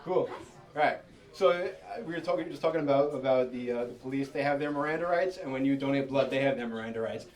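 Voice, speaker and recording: A man's voice: medium pitch, darkish tone, far from the mic. A man doing amateur stand-up, telling personal stories with lots of fillers and a self-deprecating tone. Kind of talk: stand-up storytelling. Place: restaurant event space with live audience. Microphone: handheld mic.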